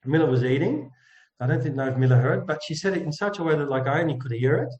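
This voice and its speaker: A man, an interview guest, telling a personal story in an earnest, halting way, often dropping to a soft, hushed tone. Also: fairly high pitch. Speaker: guest, empathy coach. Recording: roomy, dull lo-fi sound.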